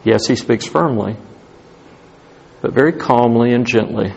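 A man preaching a sermon as pastor, animated, rising to emphatic highs and dropping to hushed tones. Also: a little slow, creaky, highs cut off, slight background noise.

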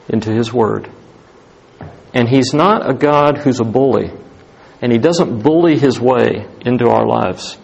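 A man preaching a sermon as pastor, animated, rising to emphatic highs and dropping to hushed tones. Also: vocal fry, husky, low-quality recording.

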